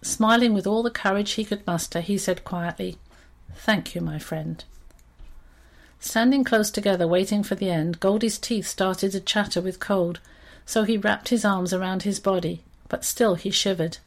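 A woman reading a children's story aloud in an expressive, steady storytelling manner. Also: mid-range voice, normal speed, few pauses.

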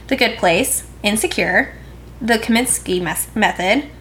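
A young woman co-hosting a casual podcast, breezy, reading a list of names with quick asides. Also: medium pitch, a bit bright, slight background noise. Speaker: podcast co-host.

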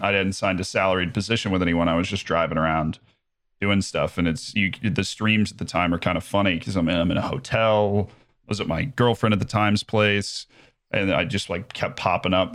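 A man's voice: deep voice, fairly bright tone. A man chatting casually as an interview guest, speaking in a put-on English accent with frequent restarts and fillers. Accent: English-style commentator accent, put on by an American. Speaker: guest, streamer and sports commentator.

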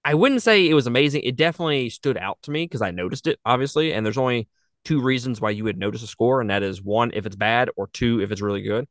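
A man's voice: medium pitch, fast, no echo, studio quality. Casual man reviewing a movie. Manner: laughing, profane, animated. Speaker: podcast co-host.

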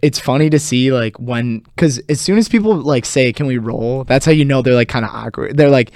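A young man co-hosting a college radio talk show in casual chat, relaxed and full of fillers. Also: medium pitch, fairly quick, no echo, studio quality. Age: young adult. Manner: relaxed, filler-heavy, laughs often. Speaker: co-host.

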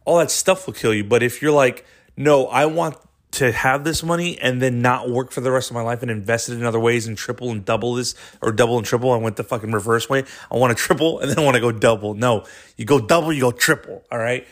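A young man hosting his own podcast, ranting casually in a rambling, profane way with animated storytelling. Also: medium pitch, fast talker. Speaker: podcast host. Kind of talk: casual solo podcast rant.

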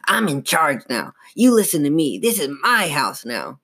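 A man's voice: fairly high pitch, sing-song, moderate pace, bright, forceful tone, breathy edge, voice pushed up, heavily acted. A man voicing a menacing living ventriloquist dummy that giggles and snarls in a read-aloud story. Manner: threatening, taunting.

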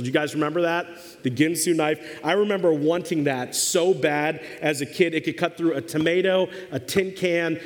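Pastor, male, 40s, chatty comic sermon, slightly high voice, church reverb. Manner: humorous, conversational, asks the audience questions.

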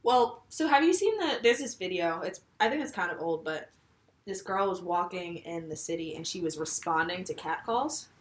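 A woman's voice: fairly low pitch, moderate pace, reverberant. A young woman in casual chat, telling stories animatedly and laughing often. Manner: animated storyteller, laughs often, acts out quotes.

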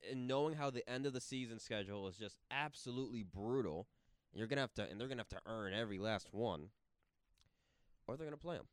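A man co-hosting a sports podcast, chatting in an animated, informal way. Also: mid-range voice, fast talker, clean tone, no echo, clean studio sound. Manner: animated, laughing, informal slang. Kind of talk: casual sports chat.

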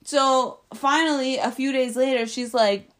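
A woman's voice: high-pitched, steady tone, a little slow. A young adult woman telling a story in casual, profane podcast chat, laid-back and laughing often.

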